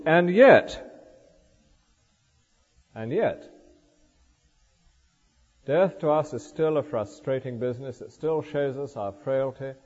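An older man preaching a sermon in a church, explaining scripture with lively asides and rhetorical questions. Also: mid-range voice. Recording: dull lo-fi recording in a reverberant church.

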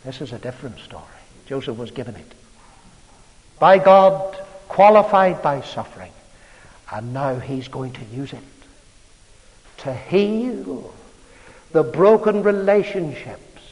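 A man with a high voice preaches a sermon, telling the old story with dramatic, emphatic swings. His words ring out with the long reverb of a large hall. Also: animated, unhurried, pauses often, a little mellow.

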